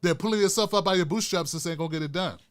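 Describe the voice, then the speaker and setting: Fervent high-voiced male commentary host. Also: rapid-fire, a bit bright. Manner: fervent, repeats and restarts phrases for emphasis; addresses viewers directly and casually. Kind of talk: impassioned political commentary.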